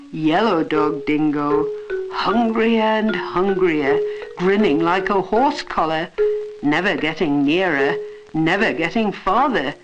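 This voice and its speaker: A woman narrating an animated storybook film in a rhythmic, sing-song way. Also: lowish voice. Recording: dull old film soundtrack with music.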